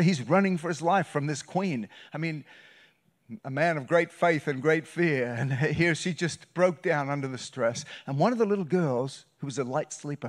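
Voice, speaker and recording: A man preaching a sermon as a guest pastor, telling a story with loud bursts and hushed, quiet passages. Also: on the high side. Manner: animated, shifts between loud bursts and hushed retelling. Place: church sanctuary.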